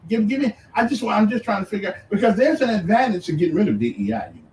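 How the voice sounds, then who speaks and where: A man argues on air with animated, rising and falling pitch, halting and repeating words as he presses his guest. He sits back from the mic in an echoey room. A faint hum of ambience sits underneath. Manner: animated, halting and repetitive, challenging. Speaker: radio host. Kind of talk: radio debate. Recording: roomy distant sound with faint ambience.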